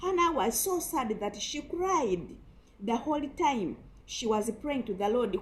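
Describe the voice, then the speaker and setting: High, animated woman preacher. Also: measured pace, rough recording. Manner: emphatic, many rhetorical questions. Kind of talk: sermon.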